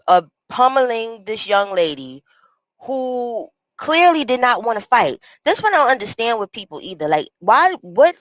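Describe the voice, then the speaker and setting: A woman's voice: mid-range voice, no room sound. Female livestream host, casual blunt commentary full of cussing, recorded dry and a bit dull in a home booth. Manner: blunt, profane, animated, greets viewers by name.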